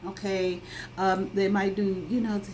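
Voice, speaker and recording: A woman's voice: mid-range voice, little pitch movement, measured pace, a little mellow, slight background noise, poor audio. A woman giving a casual tarot reading to her viewers. She talks bluntly, swears freely and keeps checking in with "okay?". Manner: emphatic, checks in with frequent "okay?". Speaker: tarot reader.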